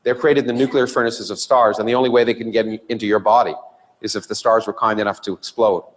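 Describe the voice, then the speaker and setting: A man's voice: lowish voice, fairly even intonation, fast. A man giving a public science talk as a physicist, enthusiastic and emphatic. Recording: reverberant hall recording.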